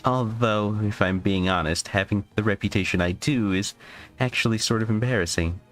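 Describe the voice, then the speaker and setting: A man voicing a gentle, anxious young woman who talks herself down and gushes with relief, read aloud from a game's dialogue. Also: lowish voice, normal speed, soft background music, natural voice. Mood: earnest. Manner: fretful, self-deprecating, breathless gratitude. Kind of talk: reading visual novel dialogue aloud.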